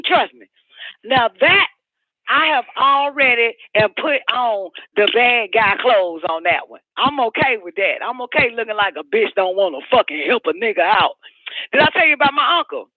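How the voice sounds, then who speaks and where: High-voiced, profane radio host. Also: male voice, lively intonation, moderate pace, no echo. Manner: profane, rambling and emphatic, repeats phrases. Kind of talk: live call-in radio monologue. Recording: dry, phone-like radio sound.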